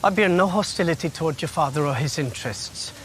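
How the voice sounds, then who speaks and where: A man's voice: a little high, quick pace, faint music behind, close to an everyday voice. An actor doing a formal Norwegian-accented young man. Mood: guarded. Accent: put-on Norwegian.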